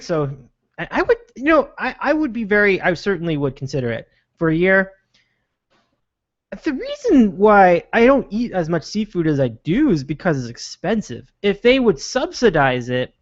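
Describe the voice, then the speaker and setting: Lively, hesitant podcast host man. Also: sits high, no echo, lo-fi sound. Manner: hesitant, repeats words, animated. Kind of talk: casual sports podcast chat.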